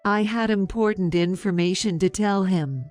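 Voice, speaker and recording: A woman in her fifties narrating a story in a calm, measured, sarcastic way. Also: medium pitch, soft background music.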